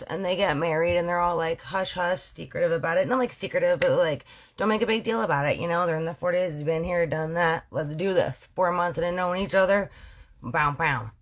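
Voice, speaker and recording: Playful slangy Canadian woman storyteller. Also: fairly low pitch. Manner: slangy, playful, self-correcting. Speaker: storyteller host. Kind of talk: casual true-crime storytelling.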